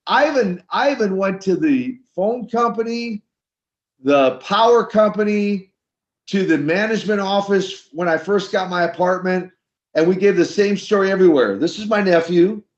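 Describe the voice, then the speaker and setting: A former wrestler turned minister, now an older man, spins stories during an interview, acting out the dialogue with animation. He has a high voice and a moderate pace, captured in slightly dull lo-fi audio.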